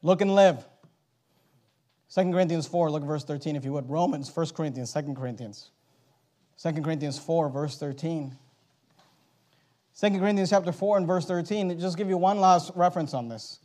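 A man preaching a sermon, reading scripture aloud and swinging between loud, emphatic exhortation and low, urgent asides. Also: moderate pace, long pauses.

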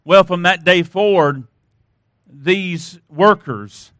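A man's voice: high voice, takes it slowly, fairly bright tone, no room sound, clean studio sound. A man preaching a sermon as pastor, emphatic, asking rhetorical questions and repeatedly urging listeners to listen.

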